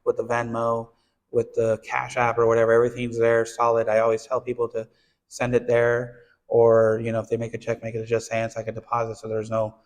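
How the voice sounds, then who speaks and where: In a casual, earnest interview, a man who founded a nonprofit recounts his childhood, speaking briskly in a mid-range, monotone voice. Born in Texas and raised in southern California, he talks conversationally with many restarts and plenty of "you know"s.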